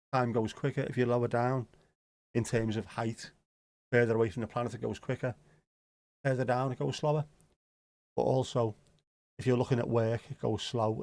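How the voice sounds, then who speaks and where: A man's voice: medium pitch, darkish tone, no echo. Scouse guy rambling on his livestream, jokey and a bit sweary, dry close sound. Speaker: livestream host. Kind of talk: casual livestream chat, answering viewer comments.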